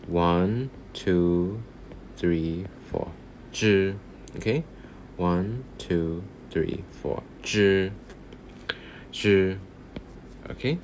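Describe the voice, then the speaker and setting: A man's voice: sits low, fairly bright tone, a little hiss or hum. A man teaching a casual online language lesson, patiently repeating words and counting strokes aloud.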